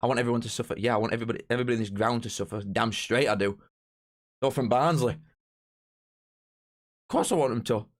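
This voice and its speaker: A young man hosting a live stream, talking straight to his chat in an excitable, bantering way. His voice sits at an ordinary middle pitch for a man. He keeps things casual and jokey. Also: quick pace, pauses often.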